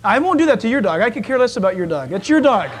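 Male preacher, very high voice, lively storyteller who acts out voices. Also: fast talker, a little hiss or hum. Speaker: pastor. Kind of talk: sermon.

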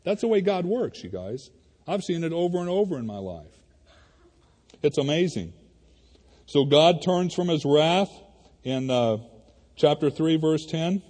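A male pastor preaching a sermon in a church, conversational and animated, talking to the congregation like friends. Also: fairly high pitch. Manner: conversational and animated, addressing the congregation as "you guys". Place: church sanctuary. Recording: reverberant hall.

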